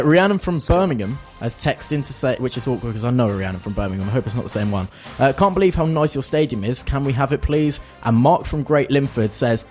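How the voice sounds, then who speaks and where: A man's voice: mid-range voice, a little mellow. A man co-hosting a comic fan radio show, reading out listener texts, laughing and stumbling over words.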